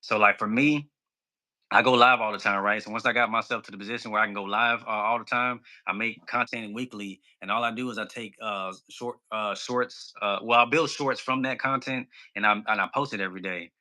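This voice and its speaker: A man's voice: fairly low pitch, steady tone, brisk, sharp tone. A bubbly, extroverted man chatting casually as a podcast guest. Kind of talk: casual chat.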